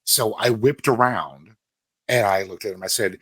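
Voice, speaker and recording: A man's voice: on the low side, normal speed, a bit bright, slightly rough, no echo. A man co-hosting a podcast in casual chat, blunt and joking, swearing freely. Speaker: podcast co-host.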